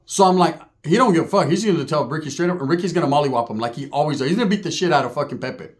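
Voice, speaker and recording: A man with a fairly high speaking voice spins a comic story. His delivery is profane, rambling and animated, piling one aside onto the next. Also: racing. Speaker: comedian. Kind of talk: comedic storytelling monologue.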